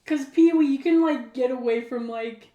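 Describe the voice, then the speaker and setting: A woman's voice: high-pitched, normal speed, dark tone, lo-fi sound. A woman co-hosting a podcast in casual chat, laughing often and trailing off into filler words. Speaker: podcast co-host. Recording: echoey room with faint noise.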